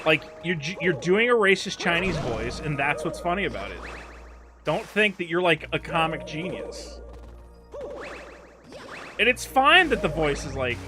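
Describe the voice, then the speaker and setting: A man streaming a video game, chatting casually in a rambling, profane way with quick asides. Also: fairly high pitch, big pitch swings. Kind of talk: casual gameplay chat. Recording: clear game music underneath. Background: game music.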